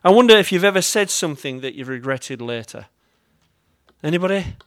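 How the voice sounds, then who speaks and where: English pastor preaching in a relaxed, chatty way. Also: male voice, on the high side, brisk, dry recording, studio quality. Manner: chatty storytelling with self-mocking humour; addresses the congregation directly. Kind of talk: sermon.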